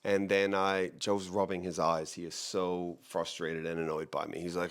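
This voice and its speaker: A man's voice: low voice, steady tone, moderate pace, hardly any pauses. A man who hosts a real estate show, chatting casually to the camera in a rambling, joking way, often breaking off mid-sentence. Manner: rambling, joking, self-interrupting.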